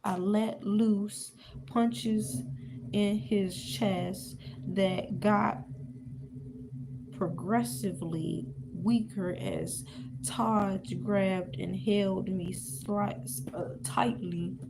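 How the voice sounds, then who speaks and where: A woman reading a novel aloud in an unhurried, halting way and stopping now and then to restart a line. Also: medium pitch, fairly even intonation, background noise. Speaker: audiobook reader.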